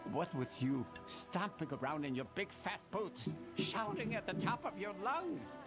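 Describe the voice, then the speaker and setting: A man's voice: high-pitched, big pitch swings, unhurried, music in the background, exaggerated voice. An actor playing a grumpy old fisherman in a fantasy video game, scolding with scorn. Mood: mocking.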